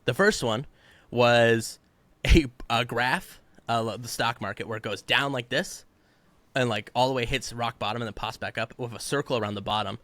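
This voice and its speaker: A man's voice: mid-range voice, normal speed, fairly bright tone, no echo. A man co-hosting a podcast, fired up and ranting in heated political commentary, mocking the people he quotes. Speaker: podcast co-host.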